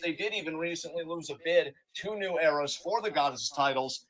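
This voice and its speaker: A man co-hosting a live wrestling watch-along, giving animated play-by-play and hyping the wrestlers on a home streaming mic. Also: fairly high pitch, a little fast, hardly any pauses. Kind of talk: live reaction commentary.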